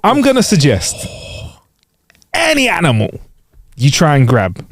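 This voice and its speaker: Lively joking man reading news. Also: a little high, unhurried, dry recording, studio quality. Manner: jokey, rambling, laughs while reading. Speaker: podcast co-host. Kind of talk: casual comedic news chat.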